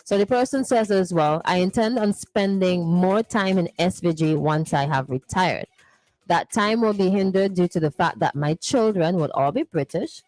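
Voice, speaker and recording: A woman's voice: lowish voice, moderate pace, darkish tone, no room sound. A woman hosting a morning radio show, playfully reading listener messages and teasing them. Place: radio studio.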